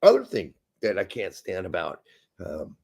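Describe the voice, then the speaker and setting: A man co-hosting a casual podcast, ranting in a crude, animated way and swearing freely. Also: low-pitched, normal speed, vocal fry, breathy edge. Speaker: podcast co-host.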